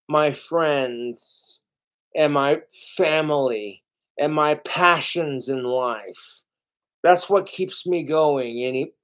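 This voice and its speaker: A man drags through a live stream at an unhurried crawl, his voice sitting a little high. He curses freely and loops back over the same thoughts. He has been drinking, and it comes out as self-pity. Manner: profane, self-pitying, meandering with restarts. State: drinking alcohol. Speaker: YouTuber livestreaming cooking videos. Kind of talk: rambling livestream monologue.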